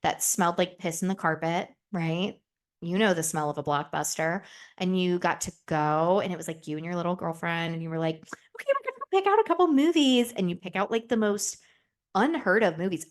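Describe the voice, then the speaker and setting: A woman's voice: fairly low pitch, normal speed. Chatty, candid young woman podcaster. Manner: chatty, candid and profane, acts out quoted voices. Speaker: podcast host. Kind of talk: casual solo podcast chat.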